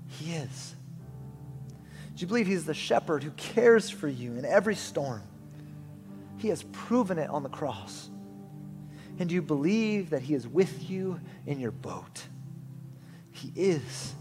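A male pastor preaching a sermon in a church, passionate, rising to loud urging and dropping to hushed whispers. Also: fairly high pitch, lively intonation, a little slow, long pauses. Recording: echoey hall with soft music.

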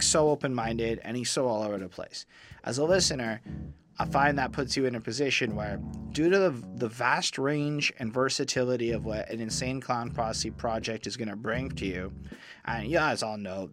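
A man hosting a music review, chatting casually and loosely with frequent fillers and swearing. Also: medium pitch. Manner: loose, profane, full of "like" fillers. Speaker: music review podcast host. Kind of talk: casual album review chat.

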